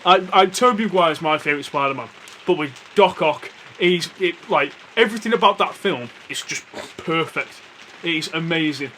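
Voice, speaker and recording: A man's voice: fairly high pitch, moderate pace, sharp tone, slight background noise. A man co-hosting a podcast, talking eagerly and tripping over his words. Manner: enthusiastic, stumbling over words. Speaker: podcast co-host. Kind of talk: casual chat. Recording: rain on the roof faintly behind.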